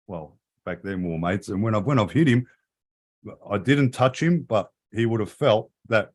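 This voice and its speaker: A man's voice: fairly low pitch, moderate pace. A middle-aged man, telling crude, profanity-laden stories in a casual live chat. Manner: crude, profane storytelling with frequent swearing.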